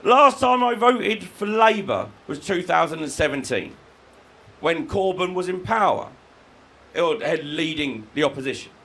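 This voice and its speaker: A man from the UK doing a live stand-up set, crude and sardonic, breaking into shouted rants. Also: fairly high pitch, expressive, unhurried, low-quality recording. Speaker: stand-up comedian. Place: comedy venue with live audience.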